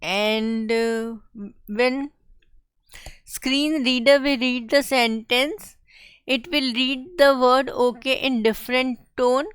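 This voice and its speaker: Slow, clear-voiced woman teaching code. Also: high-pitched, steady tone, no echo. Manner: slow, step-by-step explaining. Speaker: coding tutor. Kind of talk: screen-share coding tutorial.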